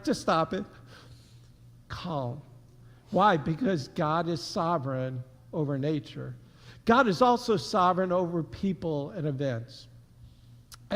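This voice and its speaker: A man preaching a sermon as pastor, telling the story in a conversational, animated way with casual slang. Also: high voice, long reverb tail. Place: church sanctuary.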